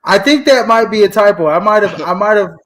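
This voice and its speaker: High-voiced, animated man on a sports podcast. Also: a little fast. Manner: animated, blunt, mild swearing, laughs at himself. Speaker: co-host giving fantasy football rankings. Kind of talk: casual sports podcast talk.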